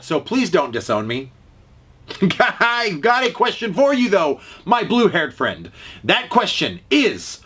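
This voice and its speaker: A man's voice: on the high side, fairly bright tone. A man from North America, a fellow video creator who sends in a question in a jokey, playful, casual way.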